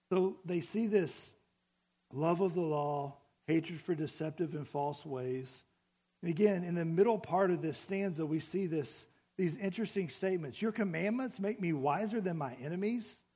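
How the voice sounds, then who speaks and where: A man's voice: fairly high pitch, dark tone, husky. A man preaching a sermon to a congregation in a church, conversational and full of questions to the room. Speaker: pastor.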